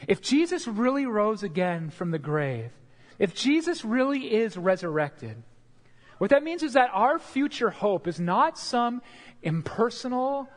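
A man preaching a sermon as pastor, earnest and expressive, sometimes repeating words as he builds a point. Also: sits high. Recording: long hall reverb.

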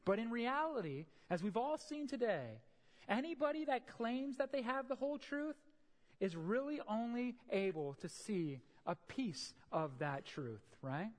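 Voiced by a preacher in a reverberant hall, a wise old king speaks patiently to his court. His tone is calm and instructive and moves lively up and down. A long echo trails each phrase. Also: mid-range voice, unhurried.

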